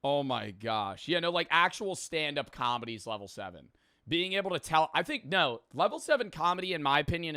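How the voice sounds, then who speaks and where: A young man gives casual reaction commentary, swearing and laughing. His voice swings widely in pitch and sounds bright and crisp. The recording is dry and close. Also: no room sound. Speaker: YouTube host.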